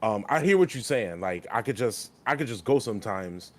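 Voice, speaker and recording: A man's voice: on the low side, animated, moderate pace. A young man co-hosting a podcast in casual, profane chat, rambling and getting heated when riled up. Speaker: podcast co-host and streamer.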